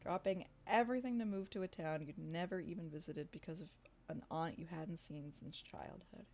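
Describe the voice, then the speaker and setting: A young woman reading a visual novel aloud and reacting with excitable jokes and bursts of laughter. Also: lowish voice, moderate pace. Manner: excitable, joking, loud laughing outbursts. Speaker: streamer playing a visual novel.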